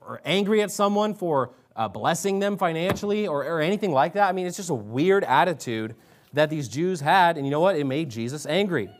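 A man's voice: a little high, lively intonation, a little fast. A man preaching a sermon, exhorting his listeners and reading scripture aloud with emphasis. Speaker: pastor.

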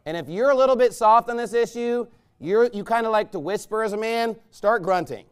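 Preaching from the pulpit at a slightly fast clip, this pastor has a smooth, resonant voice that sits high for a man. He delivers his sermon bluntly and emphatically, slides into scorn, and erupts in loud outbursts.

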